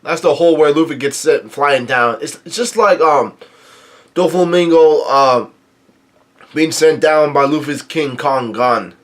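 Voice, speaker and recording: A young man casually recapping a comic chapter, halting often and correcting himself as he goes. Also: on the high side, fairly bright tone. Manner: halting, many restarts and self-corrections. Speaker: manga reader and recapper.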